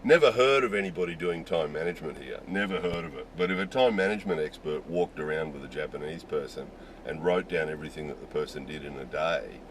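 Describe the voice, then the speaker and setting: Deep-voiced Australian man ranting casually. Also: fast, a little hiss or hum, low-quality recording. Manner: candid, rambling, opinionated, many "you know"s. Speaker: video host. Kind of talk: casual opinion talk.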